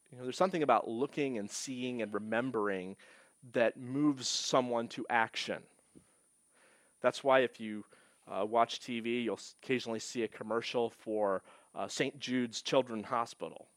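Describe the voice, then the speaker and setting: A man's voice: mid-range voice, moderate pace, no echo, studio quality. A man preaching a sermon, reading scripture aloud and explaining it in an earnest, emphatic way. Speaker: pastor.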